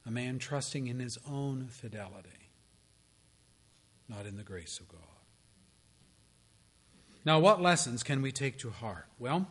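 Bright-voiced man preaching dramatically. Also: medium pitch, expressive, unhurried, pauses often, slightly rough. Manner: dramatic storytelling delivery, dropping to hushes and rising to proclamations. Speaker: pastor. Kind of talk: sermon.

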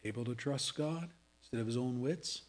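A man preaching a sermon, swinging between loud dramatic scripture reading and hushed asides. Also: medium pitch, normal speed. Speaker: pastor. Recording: audio of a sermon.

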